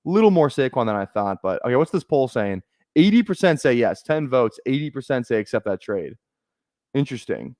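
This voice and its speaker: Casual male streamer thinking aloud, mid-pitched, dry close mic. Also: big pitch swings, brisk, a little mellow, no echo. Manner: thinking aloud, rambling, many fillers. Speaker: fantasy football streamer. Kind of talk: casual live-stream commentary.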